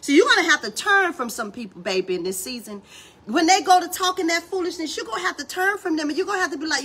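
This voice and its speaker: Fiery high-voiced woman preacher. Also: lively intonation, quick pace, fairly bright tone. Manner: fiery, colloquial preaching that acts out the people in the story. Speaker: preacher hosting a morning devotional. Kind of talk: sermon.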